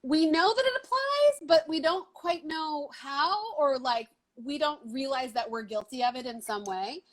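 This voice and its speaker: High-voiced, enthusiastic woman host. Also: animated, measured pace. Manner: enthusiastic, friendly interviewer. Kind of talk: live video interview.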